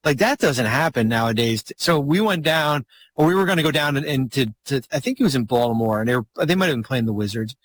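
Rambling, animated male storyteller. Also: fast talker. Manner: rambling, animated storyteller with sudden pitch jumps. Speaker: former basketball team executive. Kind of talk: casual storytelling chat.

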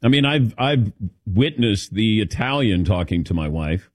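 A middle-aged man from the Midwest hosting a sports radio show, telling stories with animated, laughing delivery. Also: lowish voice, measured pace, no echo. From American Midwest. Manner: lively storytelling with laughs. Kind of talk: casual sports radio banter.

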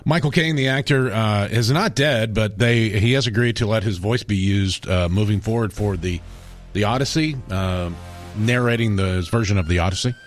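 A man's voice: on the low side, normal speed, soft background music. A man co-hosting a radio show, chatting casually and asking curious questions. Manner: curious, asks lots of questions. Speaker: radio co-host. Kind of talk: casual morning show banter.

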